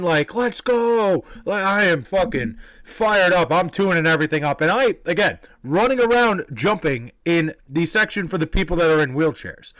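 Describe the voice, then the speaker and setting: A young man from New York casually telling a story, animated, profane and self-deprecating. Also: sits high, dry recording, low-quality recording. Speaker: vlogger telling a personal story.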